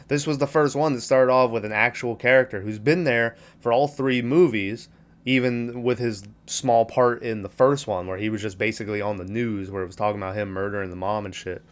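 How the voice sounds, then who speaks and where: A man hosting a movie podcast, retelling a film scene in a loose, profane, conversational way. His voice sits at an ordinary middle pitch and comes through clear and smooth. He slips into the characters' lines as he goes. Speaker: podcast host. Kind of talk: casual movie recap.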